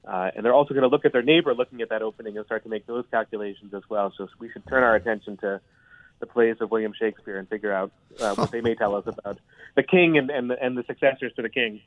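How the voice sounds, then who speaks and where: A man's voice: lowish voice, quick pace, no echo. A man, a history professor, giving analysis in a radio interview with a thoughtful, hedging way of talking. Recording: tinny dry phone line.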